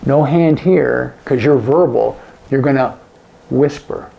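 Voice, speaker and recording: A man teaching sign language to camera, explaining each sign and often dropping to a hush on the example words. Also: medium pitch, unhurried, creaky, muffled recording, a little hiss or hum.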